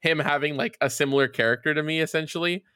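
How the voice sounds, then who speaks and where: Podcast guy rambling a story, swears a lot, bright kinda high voice, dry close sound. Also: quick pace, clean tone, no room sound. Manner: rambling storytelling, swears freely, many fillers. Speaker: podcast co-host. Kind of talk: casual chat.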